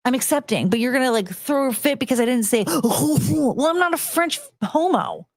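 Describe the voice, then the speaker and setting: Animated, ranting American woman streamer. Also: high voice, normal speed, no room sound, studio quality. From United States. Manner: ranting, profane, talks to chat. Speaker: streamer host. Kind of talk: casual livestream chat.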